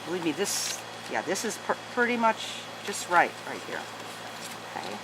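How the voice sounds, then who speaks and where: In a lowish voice with big pitch swings and a moderate pace, a woman teaches a paper-folding craft at home. She guides every fold patiently, chats to her dogs, and the background is noisy.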